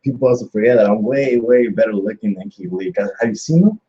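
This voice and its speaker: A man's voice: lowish voice, expressive, quick pace, mellow, muffled recording. A young man, a pro wrestler guest, talking casually on a radio show, boastful and cocky with lots of fillers. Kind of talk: casual interview chat.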